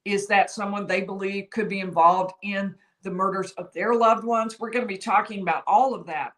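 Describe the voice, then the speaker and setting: Host, woman, legal commentary stream, measured and explanatory, voice slightly worn. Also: mid-range voice, steady tone, fairly bright tone, poor audio. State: slightly losing her voice. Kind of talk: livestream commentary. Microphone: streaming setup.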